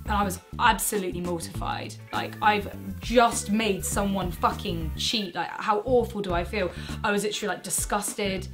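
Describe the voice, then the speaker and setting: A woman in her twenties, co-hosting a casual chat and telling a frank, animated story with plenty of swearing. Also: mid-range voice, moderate pace, hardly any pauses, over music. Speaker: co-host.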